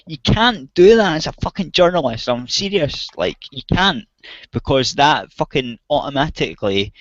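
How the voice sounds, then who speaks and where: A man's voice: a little high, fairly bright tone, no room sound. A man from outside the US, ranting angrily and swearing heavily in a casual chat. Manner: angry, heavy swearing, ranting. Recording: dull, dry voice-chat audio.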